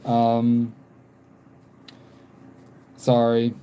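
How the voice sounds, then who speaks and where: Speaking very slowly in a dark, monotone, medium-pitched voice with a little hiss or hum behind it, a young American man in his twenties chats while drawing on his livestream. He rambles, repeats himself, and drops frequent ums as he doodles.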